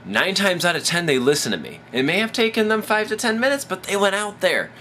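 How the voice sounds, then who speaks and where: A man's voice: high-pitched, lively intonation, fairly quick, sharp tone, slight background noise. A man hosting his own advice vlog, telling a rambling, profane story while drunk. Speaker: vlogger, host of his own show.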